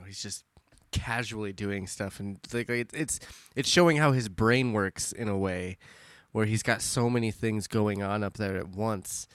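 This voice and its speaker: A man's voice: lowish voice, fairly bright tone, no room sound. A man co-hosting a casual podcast, loose and joking with easy laughs. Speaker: podcast co-host.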